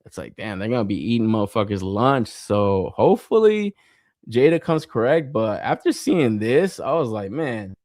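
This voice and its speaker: A man's voice: medium pitch, big pitch swings, moderate pace, a little mellow, no echo, studio quality. A man hosting a podcast in casual chat, rambling and swearing a lot, with plenty of fillers and frequent laughs. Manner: rambling, profane, with lots of fillers; laughs often while talking. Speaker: podcast host. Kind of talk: casual chat reading live comments.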